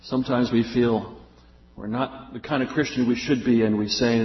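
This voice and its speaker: A man's voice: mid-range voice, normal speed, slight background noise. A man preaching a sermon in a conversational way, acting out the voices he quotes. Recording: roomy, dull lo-fi recording.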